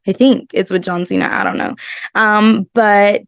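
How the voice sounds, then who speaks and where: A woman's voice: medium pitch, steady tone, unhurried, clean tone, no echo, studio quality. A woman hosting a casual self-help podcast, earnest and emphatic, often repeating her words. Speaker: podcast host.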